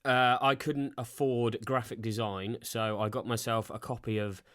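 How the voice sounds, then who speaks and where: A man's voice: mid-range voice, flat delivery, normal speed, fairly bright tone, no echo, studio quality. A man in his thirties hosting a solo podcast, rambling in a casual, sweary and self-deprecating way. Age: 30s. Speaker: podcast host. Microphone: podcast microphone.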